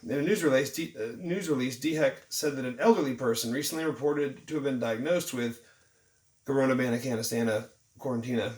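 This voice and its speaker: A man's voice: mid-range voice, a little fast, a little mellow. A man, ranting about the news in a mocking, irritated vlog with jokey asides. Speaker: vlogger. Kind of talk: sarcastic news commentary rant. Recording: roomy, distant from the mic.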